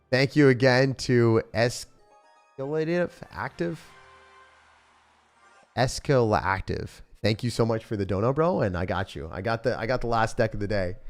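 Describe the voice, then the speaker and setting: A young man giving live commentary as he plays and rates card decks, excitable, with loud outbursts and laughter. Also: medium pitch. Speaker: streamer playing and rating decks. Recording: faint music behind.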